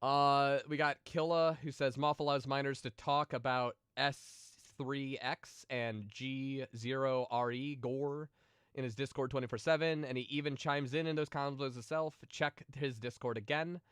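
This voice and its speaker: A man's voice: mid-range voice, fairly even intonation, unhurried, fairly bright tone, clear, resonant tone, no echo, studio quality. A man chatting casually on a livestream, reading viewer questions and answering in a rambling, profane way with lots of fillers and restarts, and getting emotional at times. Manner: emotional, sensitive.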